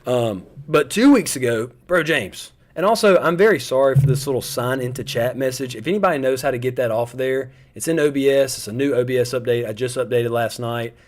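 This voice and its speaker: A man's voice: mid-range voice, a little fast, few pauses. A young adult man, hosting a live stream in casual, rambling chat aimed straight at his viewers.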